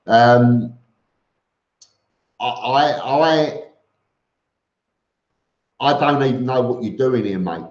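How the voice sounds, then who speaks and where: A man's voice: mid-range voice, drawn-out words, pauses often. A middle-aged man with a London accent, chatting casually on a live stream in a blunt, rambling way, with many ums and restarts. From East London, England. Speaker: vlogger hosting a live stream. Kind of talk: casual live-stream chat answering viewers. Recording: roomy, slightly dull audio.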